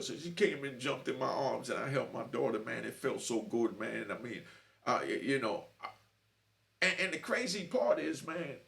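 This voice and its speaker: A man's voice: fairly high pitch, gravelly, a bit bright. Streetwise middle-aged New man. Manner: streetwise, repeats "you know what I mean". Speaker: host. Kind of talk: personal storytelling to camera.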